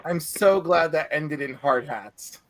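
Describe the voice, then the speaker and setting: A man on a casual chat panel who tells stories in an animated way. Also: a little high, measured pace. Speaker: panel guest.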